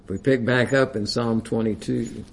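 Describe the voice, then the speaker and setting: A man's voice: mid-range voice, fairly even intonation, normal speed, slight background noise. A man preaching a sermon, reading King James scripture aloud with rising emphasis and using frequent "you know" fillers.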